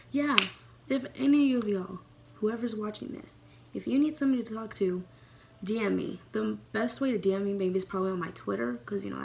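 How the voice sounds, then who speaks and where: A young woman vlogs at home while doing her makeup, speaking in a medium-pitched, gravelly, dark-toned voice. She chats casually and playfully, rambling with lots of cursing.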